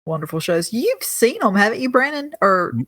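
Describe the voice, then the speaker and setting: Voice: medium pitch, very animated, moderate pace, fairly bright tone, no echo, clean studio sound. A podcast co-host chatting casually, enthusiastic and joking. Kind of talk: casual chat.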